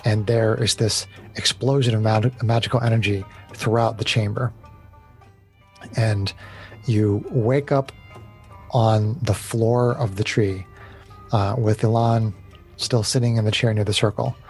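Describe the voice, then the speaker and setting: A man's voice: lowish voice, steady tone, measured pace, darkish tone, soft background music. A man narrating as game master of a tabletop game, often stumbling and repeating words.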